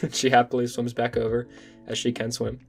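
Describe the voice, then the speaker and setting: A man's voice: mid-range voice, gravelly. Young man gushing over a manga. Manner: enthusiastic, conversational recap. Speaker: manga reviewer. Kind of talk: casual manga review vlog.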